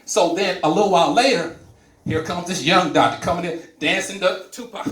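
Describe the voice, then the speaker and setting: On a comedy club stage, a man with a high voice performs a stand-up set at a moderate pace, telling a story and acting out its characters with animation. A distant live-venue mic gives the recording a roomy sound.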